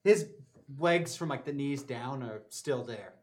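A man narrating a tabletop game as game master, relaxed and descriptive. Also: medium pitch, measured pace, slight background noise.

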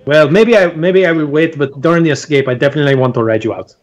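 A man's voice: a little high, quick pace, close to an everyday voice. A man voicing Pete, a boastful, swaggering cowboy who sprinkles French words into his talk during a tabletop role-play. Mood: playful.

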